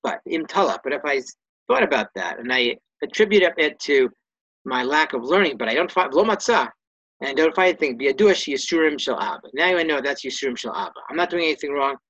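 A man's voice: fairly high pitch, lively intonation, fast talker, a bit bright, no room sound, dull audio. A man leading a Torah study class, reading Hebrew and Aramaic phrases aloud and translating each one in a casual, self-correcting way. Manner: reads Hebrew and Aramaic phrases, then translates them plainly. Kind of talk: text-study lesson.

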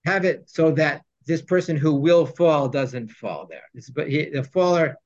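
A man's voice: fairly high pitch, animated, unhurried, a little mellow. A man teaching a text study class, reading Hebrew phrases and explaining them in English with joking asides. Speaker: Torah teacher. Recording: dull lo-fi sound.

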